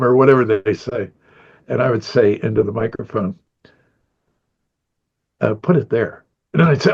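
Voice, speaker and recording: A man's voice: medium pitch, expressive, normal speed, vocal fry, long pauses, a little mellow, slightly rough, lo-fi sound. An older man in a rambling interview about his animation career, a chuckling storyteller who acts out what people said.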